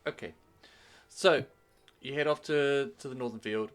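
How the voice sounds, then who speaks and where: A man's voice: medium pitch, measured pace, fairly bright tone. A man narrating a tabletop game as game master, in a rambling, descriptive way with many fillers.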